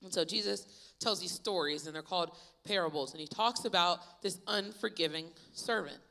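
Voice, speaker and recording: Young woman, youth sermon, bright forceful voice, slightly low pitch, lively storytelling. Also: moderate pace, vocal fry. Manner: lively storytelling, acting out Bible characters. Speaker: youth pastor. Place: church youth service.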